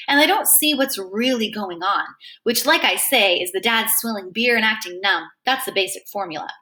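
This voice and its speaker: A woman reading a novel aloud with animated first-person narration. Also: a little high. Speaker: reader.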